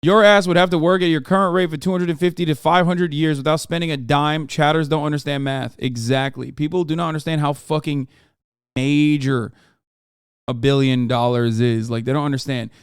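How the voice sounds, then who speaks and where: Sarcastic, profane streamer, smooth voice. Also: male voice, a little high, fairly even intonation, fairly quick, no echo, studio quality. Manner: sarcastic and profane, talks to his chat. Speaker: streamer reacting to a video. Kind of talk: casual reaction stream.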